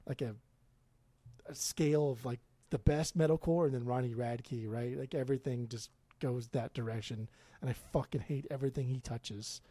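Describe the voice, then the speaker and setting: Male co-host, mellow dark tone, loose and profane delivery, dry close-miked. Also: medium pitch, moderate pace, no echo. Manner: profane, rambling, animated opinions. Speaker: podcast co-host. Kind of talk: casual podcast chat.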